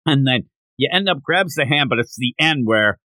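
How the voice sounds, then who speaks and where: Animated man rambling through a manga recap. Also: medium pitch, moderate pace, no room sound, rough recording. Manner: rambling, animated, acts out quoted lines. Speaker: podcast host. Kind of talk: casual chat recapping a manga chapter.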